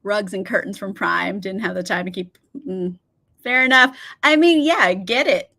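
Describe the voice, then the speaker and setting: A woman's voice: medium pitch, moderate pace, vocal fry, pushed and bright. A woman in her thirties hosting a casual reading livestream, chatty, swearing casually and laughing often as she reads out chat replies.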